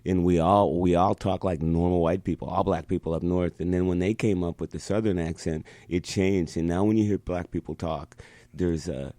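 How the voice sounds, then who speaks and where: An older man from Chicago chats as an interview guest, his voice sitting low. He tells stories with animation, dropping into voices, and the sound is close and dry. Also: moderate pace, no echo. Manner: animated storyteller, slips into voices and laughs. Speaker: guest musician. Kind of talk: casual interview chat.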